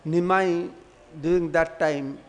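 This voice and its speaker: A man, a monk, giving a devotional class in story form, animated and often chuckling, speaking in simplified English grammar. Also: a little high.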